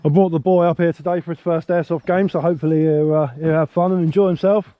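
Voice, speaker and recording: A man's voice: on the high side, steady tone, quick pace, muffled recording. An English man vlogging while walking in woodland, rambling easily about nature, with a slight slur from a missing tooth. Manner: chatty, rambling, easygoing. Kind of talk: casual outdoor vlog. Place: woodland outdoors. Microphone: handheld camera. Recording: faint outdoor noise, birdsong.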